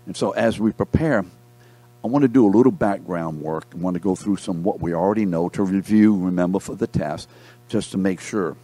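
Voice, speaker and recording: Male Bible teacher, low mellow voice, reads scripture and quizzes the room, faint hum behind. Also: a little fast. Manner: reads scripture aloud, breaks off to quiz the class; repeats key words for emphasis. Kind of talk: classroom Bible lesson.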